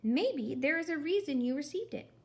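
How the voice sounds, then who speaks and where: A woman voicing a gentle, hopeful younger sister, soft and pleading. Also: high voice, animated, normal speed, pitched above the performer's own voice.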